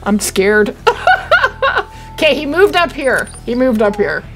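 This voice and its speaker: A young woman live-streaming a hunting game, chatting with her viewers and getting excitable. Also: fairly high pitch, slow pace, soft background music. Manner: excitable, chatty, talking to chat. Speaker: gaming streamer.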